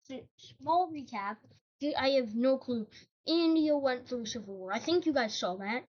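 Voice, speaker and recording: A woman's voice: high-pitched, animated, moderate pace, darkish tone, muffled recording. A woman casually narrating over a map, hesitant, with frequent ums and self-corrections.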